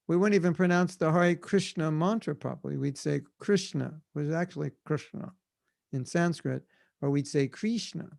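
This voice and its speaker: American man, devotional teacher, gravelly, dry close sound, animated with quoted voices. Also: a little high, no echo. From United States. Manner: animated, acts out little quoted voices and laughs often. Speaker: spiritual teacher. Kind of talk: devotional seminar talk. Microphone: video call.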